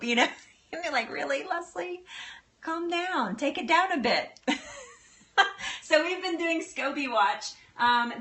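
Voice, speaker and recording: A woman's voice: medium pitch, bright, forceful tone. A middle-aged woman hosting a casual live stream, bubbly and giggly as she answers viewer comments. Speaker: livestream host.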